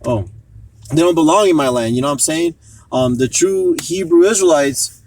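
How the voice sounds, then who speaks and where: A man's voice: on the high side, lively intonation, moderate pace, darkish tone, far from the mic, a little hiss or hum, poor audio. A man telling a rambling story in a casual discussion, with coarse language. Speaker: discussion participant.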